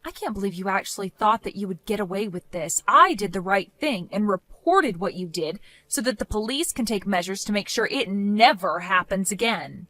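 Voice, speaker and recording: A woman's voice: medium pitch, animated, moderate pace, few pauses, sharp tone, dry recording. Young woman, cold and firm. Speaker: narrator and main character. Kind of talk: scripted story voice acting.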